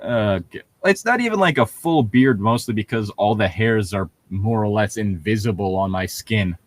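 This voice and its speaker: A man's voice: on the low side, lively intonation, normal speed, no echo. A young man co-hosting a casual podcast chat, rambling with lots of fillers and laughing often. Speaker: podcast co-host.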